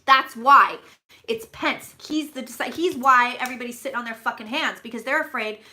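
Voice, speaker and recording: A woman's voice: on the high side, fairly quick, pushed and bright, a little hiss or hum. A woman hosting a casual live-stream tarot reading, chatty and profane, greeting viewers by name as she talks. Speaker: psychic tarot reader.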